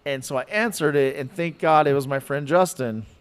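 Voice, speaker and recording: Guy rambling thru a story on a podcast, kinda high voice, lots of likes and ums. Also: normal speed, smooth. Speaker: podcast guest telling a story. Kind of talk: casual storytelling.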